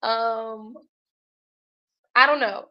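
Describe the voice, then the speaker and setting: Woman, fairly high voice, slow, chatty, fillers, lo-fi stream audio. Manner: chatty, lots of fillers, laughs at herself. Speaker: livestream host learning Spanish. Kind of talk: casual learning livestream. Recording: dull lo-fi livestream audio.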